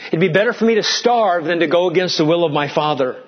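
A pastor preaching a dramatic sermon, dropping into hushed tones for emphasis. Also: male voice, fairly high pitch, lively intonation, fast talker, muffled recording.

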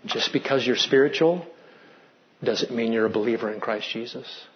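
A man preaching a sermon as pastor, animated and swinging between loud and hushed, sometimes asking the congregation questions. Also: mid-range voice, normal speed, muffled recording, slight background noise.

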